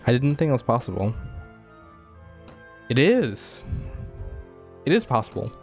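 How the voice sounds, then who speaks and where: A man's voice: mid-range voice, big pitch swings, unhurried, creaky, a little mellow, soft background music. A man giving casual, rambling commentary over his own game playthrough, full of filler words and chuckles. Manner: rambling, heavy use of "like" fillers, chuckling asides. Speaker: gameplay commentator.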